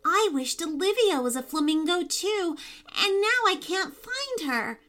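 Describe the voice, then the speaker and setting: A woman voicing an excitable young girl in a bedtime storybook, squealing and gushing. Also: extremely high pitch, a little slow, soft background music, pitched above the performer's own voice, heavily acted. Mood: excited. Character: excitable young girl, eager and wish-happy.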